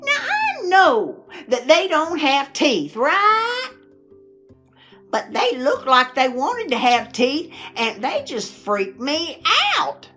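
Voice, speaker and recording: A middle-aged woman, telling folksy stories to camera in a chatty, animated way and laughing often. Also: high voice, slow pace, faint music behind. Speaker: vlogger.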